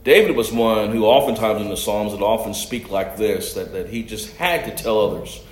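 A man preaching a sermon and reading scripture aloud, swinging from loud, raised passages to soft asides. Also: lowish voice, normal speed. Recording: echoey room.

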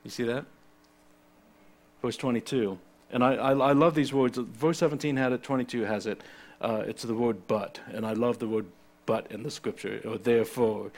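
A middle-aged man preaching a sermon in a conversational way, with personal asides and frequent restarts. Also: mid-range voice. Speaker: pastor.

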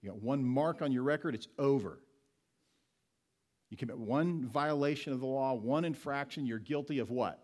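A male pastor preaching a sermon, asking the congregation questions and answering them himself, slowing down to stress single words. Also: medium pitch, darkish tone.

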